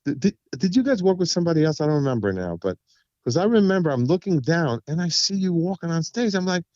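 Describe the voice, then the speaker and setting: A man telling stories in an interview, his pitch leaping up and down as he acts out what people said. The sound is dull and lo-fi, and the room is dry and close. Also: fast, dry recording. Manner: animated storyteller, acts out quotes with big pitch jumps. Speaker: guest vocalist. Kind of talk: casual interview chat.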